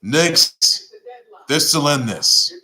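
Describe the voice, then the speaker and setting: In poor audio, a man with a fairly high, animated voice hosts his own sports report very slowly, his tone bright and forceful. The casual commentary rambles and repeats, punctuated by emphatic calls urging teams on.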